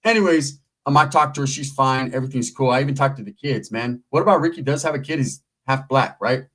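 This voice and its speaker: A man's voice: mid-range voice, fast, a bit bright. A middle-aged man rambling through a profane, streetwise story while vlogging. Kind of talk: casual storytelling to camera.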